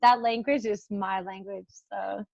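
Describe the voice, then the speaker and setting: A woman's voice: mid-range voice, steady tone, a little slow, creaky, darkish tone, no echo, muffled recording. A woman cheering and bantering playfully over a video call.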